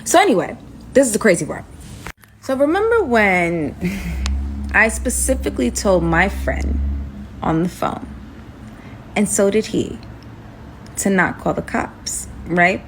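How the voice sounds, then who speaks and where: This is an animated young woman telling a casual storytime. She rushes through some parts in quick bursts, then drops hushed and tense as the story turns scary. Her pitch sits in the middle for a woman. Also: a little hiss or hum.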